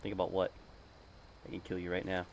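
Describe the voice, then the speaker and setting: A man with a slightly low voice talks over his gameplay in a loose, goofy, rambling manner. He jokes to his audience between moments of play. A faint hiss of background noise hangs under the recording. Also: completely flat delivery, brisk, gravelly. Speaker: gaming streamer. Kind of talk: casual game commentary.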